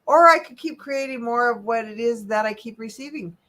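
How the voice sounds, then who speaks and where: A woman holistic health coach giving an animated, emphatic motivational talk, swinging between loud and soft. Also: a little high, a little fast.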